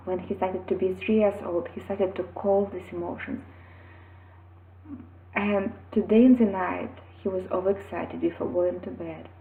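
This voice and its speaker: Slow, earnest woman in an echoey room. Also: lowish voice. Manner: earnest, emphatic storytelling. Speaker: parent sharing advice. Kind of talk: personal advice vlog. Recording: echoey, phone-like audio.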